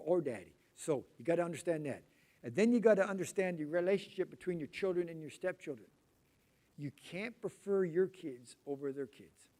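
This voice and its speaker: A man's voice: on the high side, a little mellow. Chatty middle-aged male preacher, rambling sermon. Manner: conversational, rambling, acts out quoted voices. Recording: poor volume quality.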